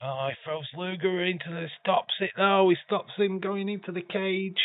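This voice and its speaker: A man's voice: sits high, steady tone, normal speed, no echo. A man giving casual, chatty running commentary as a streamer, swearing and laughing along. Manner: chatty, profane, laughs often. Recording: tinny phone-like dry sound.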